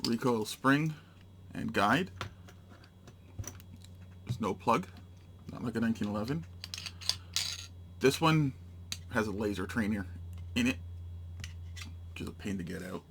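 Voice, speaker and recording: A man's voice: on the low side, expressive, measured pace, pauses often, a bit bright, slight background noise. A man giving a casual, hands-on product demonstration, narrating each step in short, matter-of-fact phrases. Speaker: gun reviewer.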